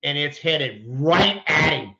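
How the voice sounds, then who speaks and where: A man's voice: a little high, expressive, slow pace, gravelly, pushed and bright, dull audio. A middle-aged man, a former pro baseball player, chatting casually and telling colorful, profane anecdotes. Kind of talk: casual sports chat and storytelling.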